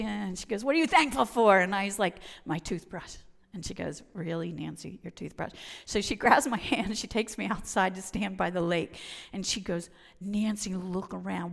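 A woman preaching a sermon and telling personal stories, swinging from loud emphatic lines down to near whispers. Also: mid-range voice, level tone, normal speed, creaky. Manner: dramatic shifts from loud to whispered. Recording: long reverb of a hall.

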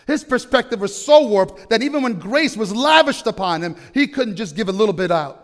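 A man's voice: sits high, expressive, fairly quick. Emphatic male pastor in a reverberant hall. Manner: emphatic, asks the congregation questions. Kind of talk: sermon. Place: church.

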